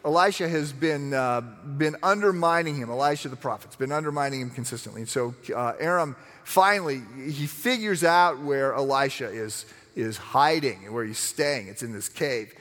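A middle-aged man preaching a sermon, telling stories with lively acted-out voices. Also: medium pitch, moderate pace, hardly any pauses, in a large hall. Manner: animated storytelling, acts out voices. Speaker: pastor.

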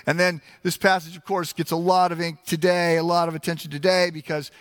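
A man's voice: on the high side, flat delivery, brisk, a bit bright, long reverb tail. A man preaching a sermon in a conversational, emphatic way, often restarting his phrases. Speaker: pastor.

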